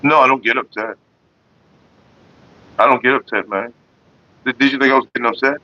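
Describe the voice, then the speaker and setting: A man with a medium pitch talks a little fast while hosting a relaxed vlog from Northern California. He responds to viewers in a rambling, profane, easygoing way and discusses staying calm, though the audio is dull and lo-fi.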